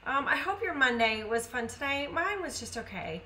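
Bright upbeat woman hosting a live sale. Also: animated, normal speed, recorded from a distance, low-quality recording. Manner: chatty, greets viewers by name, upbeat pitch. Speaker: live-stream craft seller. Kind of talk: casual live sales chat. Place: home.

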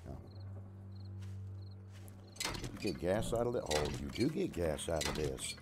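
A man's voice: deep voice, sing-song, a little slow, music in the background. A man chatting casually and jokingly to his live-stream viewers while playing a survival game. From USA. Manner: chatty, talks to his chat and his dog, jokey.

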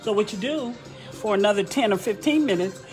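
A woman's voice: mid-range voice, expressive, brisk, a little mellow, roomy sound, faint music behind. A woman hosting a casual live cooking demonstration. She is chatty and exclamatory, and she keeps coaxing her viewers along. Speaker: home cook hosting a cooking stream.

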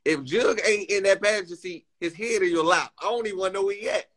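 A young man streaming casual chat, excitable and teasing, laughing often and using crude slang. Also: sits high, fast.

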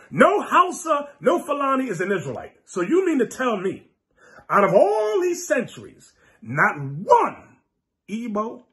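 A man preaching a fiery, mocking sermon, scolding his listeners with sudden shouts. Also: high voice. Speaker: preacher and teacher.

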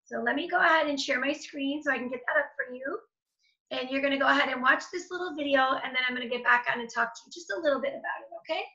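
Woman, teacher, encouraging, slow word clapping, muffled sound. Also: high voice, reverberant. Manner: gentle and encouraging, sounding out words slowly. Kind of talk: online phonics lesson for children.

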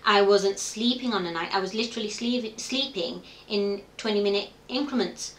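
A middle-aged woman speaks at an ordinary pitch in a bright, lively tone. She tells her story openly and reflectively as an interview guest. The room around her has a noticeable echo. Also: moderate pace, a little hiss or hum. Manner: open, reflective storytelling with quoted inner thoughts. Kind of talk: candid conversational interview. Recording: echoey room.

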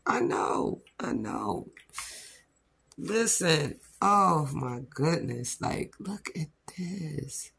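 A woman vlogging about nails, excitable and rambling, with sudden shouts before calming herself down. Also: mid-range voice. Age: adult with a child. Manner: excitable, rambling, bursts into shouts then calms down. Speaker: nail vlogger. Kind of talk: excited casual vlog.

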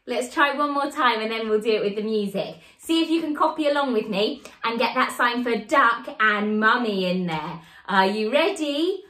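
A woman leading a children's sign language lesson, in an animated, sing-song, encouraging way. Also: fairly high pitch, normal speed, few pauses, echoey room. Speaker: baby sign language teacher.

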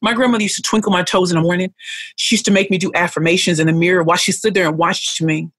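A woman's voice: fairly low pitch, steady tone, fast, fairly bright tone, no room sound. A middle-aged woman, emotional and close to tears, tells her life story as a podcast guest. She leans on repetition and stacked phrases to hammer each point home. The sound is dry and close, with no room around her. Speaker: podcast guest, pitch coach.

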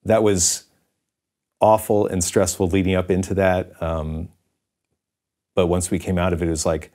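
A middle-aged man, founder of a company, candidly and self-deprecatingly telling his story with halting restarts in an interview. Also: sits low, level tone, mellow.

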